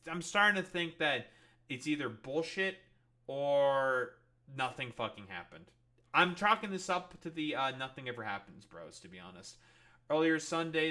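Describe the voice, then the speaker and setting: Bright-voiced, exasperated male commentator. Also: mid-range voice. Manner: exasperated, profane, lots of filler. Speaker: political commentator. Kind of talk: reading news aloud and ranting.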